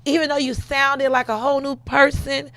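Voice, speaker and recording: Podcast host lady, emphatic casual talk, higher voice, dry close sound. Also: little pitch movement, normal speed, fairly bright tone, no room sound. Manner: emphatic, repeats phrases for effect.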